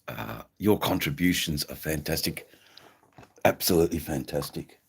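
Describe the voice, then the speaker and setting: Here a middle-aged man with an Australian accent hosts a casual livestream, rambling to viewers and sprinkling in ums and mates. His voice is low and he takes his time.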